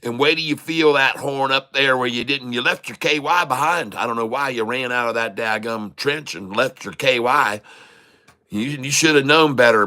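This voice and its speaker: Man, trading livestream host, bright voice, folksy crude humor with chuckles. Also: medium pitch. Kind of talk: casual rambling livestream commentary.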